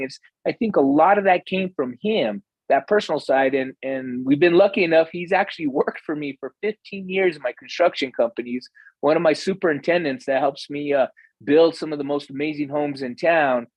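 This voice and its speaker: A man's voice: on the high side, no echo, poor audio. Earnest man telling stories, dry close mic. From United States. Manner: earnest, reflective storytelling with fillers. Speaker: podcast guest, real estate investor. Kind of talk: storytelling in conversation.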